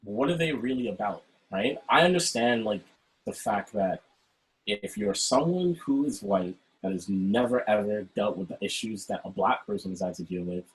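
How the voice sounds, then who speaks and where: A man hosting a casual talk over a video call, speaking in an animated way and often checking in with "right?". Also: fairly low pitch, moderate pace, poor audio. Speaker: host. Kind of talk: casual chat.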